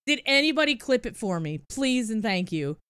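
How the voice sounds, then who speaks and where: A woman streamer giving excitable, exclamatory live gameplay commentary, swearing freely. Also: on the high side, normal speed, clear, resonant tone.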